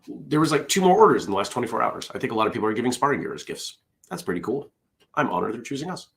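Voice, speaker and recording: A man's voice: medium pitch, fairly bright tone. A man hosting a casual solo morning show. He rambles, interrupts himself, and drifts into side stories between the jokes he reads aloud.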